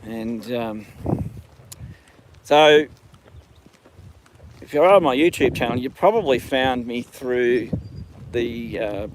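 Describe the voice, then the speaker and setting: Casting: Aussie guy, middle pitch, chatty-ranty phone livestream from a paddock, noisy outdoor audio. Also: animated, takes it slowly, pauses often. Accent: Australian. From Australia. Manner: ranting, then chatty with the horses. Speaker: livestream host. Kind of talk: casual live stream chat.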